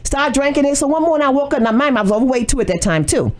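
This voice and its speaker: A woman guest on a radio talk show, telling her story with lively animation and acting out what she said. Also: high voice, very fast. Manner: animated storytelling, acts out her own quotes. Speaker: guest, organic cafe owner. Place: radio studio.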